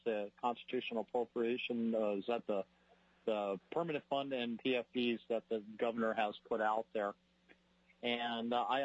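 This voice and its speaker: A man's voice: medium pitch, dry recording. A man calling in to testify against a measure, earnest and argumentative, stumbling now and then. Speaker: caller testifying. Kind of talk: public testimony by phone. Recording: dry muffled phone line.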